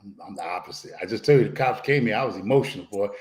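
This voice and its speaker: A man's voice: lowish voice, rapid-fire, darkish tone. A man speaking bluntly and emphatically as a guest on a casual live stream, swearing freely. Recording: roomy echo.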